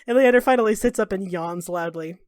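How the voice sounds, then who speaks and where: A woman's voice: medium pitch, fairly quick, a little mellow, no room sound, studio quality. A woman running a tabletop game as game master, narrating with a playful, giggly manner.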